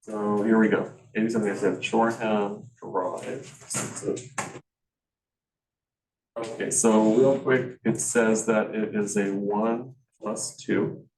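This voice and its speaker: A man's voice: fairly low pitch, steady tone, slow, darkish tone, reverberant, far from the mic, a little hiss or hum, low-quality recording. A man teaching a real estate class, thinking aloud and explaining calculations step by step with frequent restarts. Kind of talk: teaching a class, walking through numbers live.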